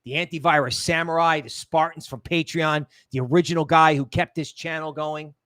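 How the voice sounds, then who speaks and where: A man's voice: steady tone, moderate pace, fairly bright tone, dry recording, clean studio sound. Rambling, jokey male crypto streamer. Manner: rambling, jokey, trails off into low asides. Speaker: crypto livestream host. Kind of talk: casual livestream commentary.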